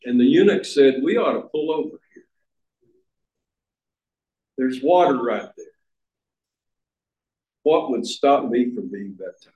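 A man preaching a sermon, slow and emphatic, repeating words for stress. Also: mid-range voice, lively intonation, dark tone. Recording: echoey room.

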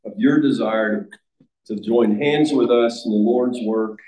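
A man's voice: medium pitch, a little slow, dark tone. A man preaching a sermon in a church, earnest and emphatic, sometimes restarting his phrases. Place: church sanctuary. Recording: echoey church room.

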